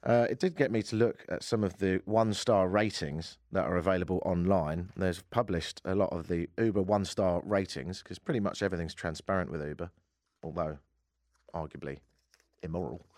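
A man's voice: low voice, fairly quick, a little mellow, no echo, studio quality. A man hosting a podcast, chatting casually and joking, now and then putting on silly voices. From Britain. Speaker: podcast host. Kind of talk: casual chat.

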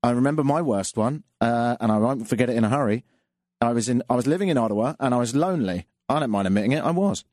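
A man's voice: medium pitch, lively intonation, fast, a little mellow, no echo. A man hosting a radio talk show, chatty and self-mocking. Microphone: studio mic. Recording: dry studio sound.

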